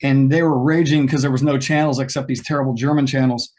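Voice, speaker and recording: A man being interviewed over a video call, telling lively stories and acting out the quoted lines. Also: quick pace. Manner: animated storyteller, acts out quoted lines with a higher pitch. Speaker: guest guitarist. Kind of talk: storytelling in an interview.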